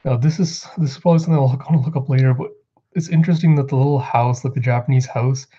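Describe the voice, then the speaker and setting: A man's voice: mid-range voice, fairly even intonation, quick pace, warm tone, husky, muffled recording. A man hosting his own channel, casually recapping a manga chapter and reading the characters' lines aloud. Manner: rambling, reads character lines aloud in quotes.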